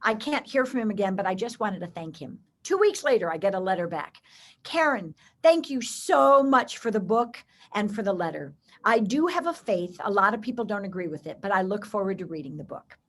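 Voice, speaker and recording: A woman guest telling faith stories in an expressive way, acting out the voices of the people she quotes. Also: mid-range voice, a little fast. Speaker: guest storyteller. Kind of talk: animated faith storytelling.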